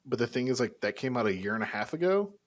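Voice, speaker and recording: A man co-hosting a gaming podcast, chatting casually and excitedly with swearing and filler words. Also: medium pitch, quick pace. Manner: animated, swearing, "like" and "dude" fillers. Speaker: podcast co-host. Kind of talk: casual chat.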